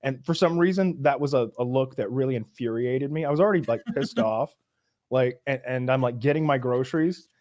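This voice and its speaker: A man hosting a podcast who tells a story in an animated, ranting way and swears often. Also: mid-range voice, brisk, dry recording. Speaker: podcast host. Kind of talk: casual storytelling chat.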